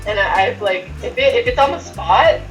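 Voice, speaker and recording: A woman co-hosting a casual podcast chat, self-mocking and quick to laugh. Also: mid-range voice, expressive. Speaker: podcast co-host. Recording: echoey room, faint music.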